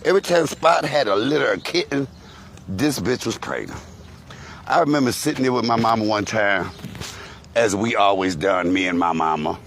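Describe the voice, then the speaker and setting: Gravelly man ranting and cursing. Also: fairly low pitch, normal speed, slight background noise. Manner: animated, cursing, insulting storytelling. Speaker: vlogger. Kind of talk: profane ranting monologue. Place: outdoors, walking to a grocery store.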